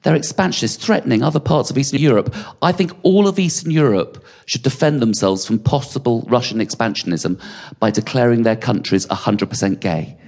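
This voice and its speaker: A middle-aged man performing stand-up comedy, telling self-mocking stories with quick asides to the audience. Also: mid-range voice, creaky, a little mellow. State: sweating on stage. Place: comedy venue with a live audience.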